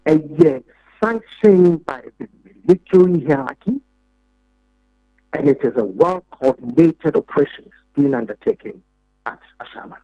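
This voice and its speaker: A man's voice: on the high side, animated, unhurried, dry recording, lo-fi sound. A man with a Ghanaian accent, a government official speaking emphatically in a radio interview, repeating filler words as he makes his points. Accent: Ghanaian English. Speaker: deputy defense minister.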